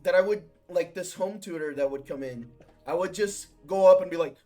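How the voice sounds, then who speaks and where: A man's voice: high-pitched, brisk, darkish tone, soft background music. A young man in his twenties, a podcast host telling a story in rambling casual chat, swearing often. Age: 20s. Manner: rambling, swears a lot, acts out quotes.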